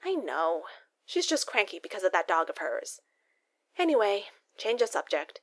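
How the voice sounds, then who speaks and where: A woman's voice: medium pitch, big pitch swings, moderate pace. A woman reading a story aloud and voicing a chatty, upbeat younger sister.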